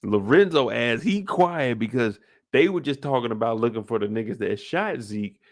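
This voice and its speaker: A man hosting a casual episode recap, animated and profane, firing off rhetorical questions. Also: medium pitch, moderate pace, no echo, studio quality. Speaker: show recap host.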